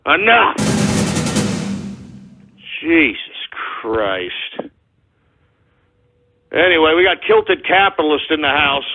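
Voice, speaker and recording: Agitated host, tinny phone-like audio. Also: male voice, high voice. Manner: agitated, cursing, shouting at trolls. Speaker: internet radio show host. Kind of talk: live call-in style radio rant.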